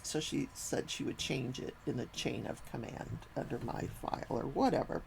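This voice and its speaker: An older woman hosting a casual talk show, telling a long workplace story and acting out the people in it with lively, animated quoting. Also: very deep voice, normal speed, gravelly, slight background noise, rough recording. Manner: animated, acts out quoted people.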